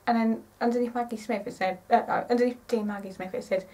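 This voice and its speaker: Excitable woman, far from mic. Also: fairly high pitch, quick pace. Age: 20s. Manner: rambling, excitable, self-correcting. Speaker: vlogger. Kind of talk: casual chat to camera.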